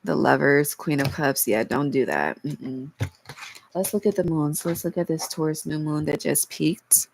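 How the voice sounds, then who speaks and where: A woman reads tarot in a casual, heartfelt way, talking straight to her viewers and swearing freely. She is holding back tears, so her voice cracks now and then. Her voice sits very low and has a heavy gravelly fry. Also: expressive, measured pace, a little hiss or hum, rough recording. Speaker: tarot reader. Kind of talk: casual tarot reading vlog.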